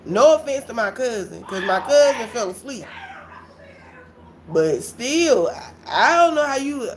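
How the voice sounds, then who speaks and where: A woman telling a story on her live stream, animated and blunt, swearing freely and talking straight to her viewers. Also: fairly high pitch, a little slow. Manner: animated, blunt and profane, addresses viewers as y'all. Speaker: livestreamer.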